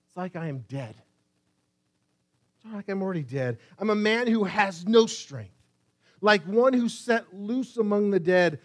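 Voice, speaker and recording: A man preaching a sermon, reading scripture slowly and with emphasis, swinging between hushed lines and loud cries. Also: high-pitched. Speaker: pastor.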